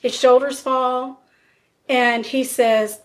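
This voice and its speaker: A podcast co-host with a somewhat high voice and a slightly slow delivery narrates a true-crime story informally. She livens it up by acting out what the people in it said.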